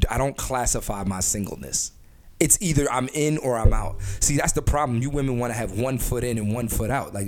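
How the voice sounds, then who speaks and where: A man's voice: lowish voice, a little mellow. A young man hosting a casual podcast, brash and profane, rambling with lots of restarts and filler. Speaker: podcast host.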